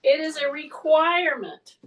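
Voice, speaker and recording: A woman's voice: sits high, a little slow, recorded from a distance, low-quality recording. A woman with a Southern accent leading a home mobility workout, chatty and encouraging as she moves through the exercises. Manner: chatty, encouraging, talks while moving. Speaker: fitness instructor. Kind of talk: casual exercise instruction.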